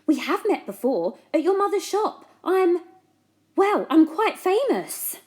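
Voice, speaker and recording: A woman doing a shrill, show-off fairy. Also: unhurried, full character voice. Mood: gushing. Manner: squealing, gushing and excitable. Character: shrill, vain, bossy little female fairy. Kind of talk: children's storybook reading.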